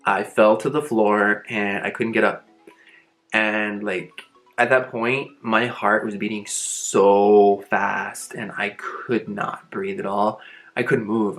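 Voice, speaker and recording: A man's voice: on the low side, low-quality recording. Casual young man telling a story. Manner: casual, animated retelling with frequent fillers and swearing. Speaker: vlogger. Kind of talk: storytime vlog.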